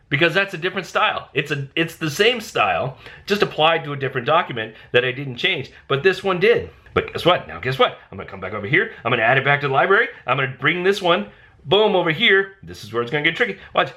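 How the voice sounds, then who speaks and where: Guy doing a laid-back design tutorial, bright voice, talks to himself, gets excited. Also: medium pitch. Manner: chatty, thinks aloud, bursts of excitement. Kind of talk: casual screen-recorded software tutorial.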